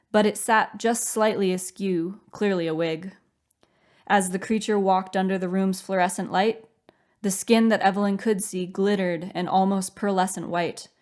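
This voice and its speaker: A woman reading her own novel aloud as audiobook narration, in a measured, steady storytelling manner. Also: medium pitch.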